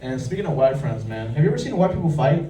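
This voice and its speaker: Young man doing stand-up with lively pitch. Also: fast talker, recorded from a distance, very noisy. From Los Angeles. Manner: storytelling, acts out characters with voice shifts. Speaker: stand-up comedian. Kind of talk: stand-up comedy set. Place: comedy club stage. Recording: roomy club sound, crowd laughing. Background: crowd laughter.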